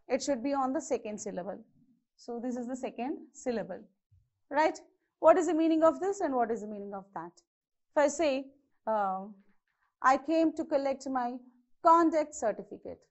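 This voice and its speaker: A woman teaching a grammar lesson, repeating example words and checking in with "okay" after each point. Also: high voice. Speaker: English teacher. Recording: slightly dull lo-fi lesson audio.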